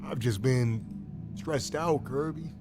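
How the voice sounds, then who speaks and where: A man's voice: mid-range voice, takes it slowly, music in the background. A man hosting a stream, giving a comedic dramatic reading of messages in a pleading, rambling way full of stumbles and repeated apologies. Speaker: streamer host.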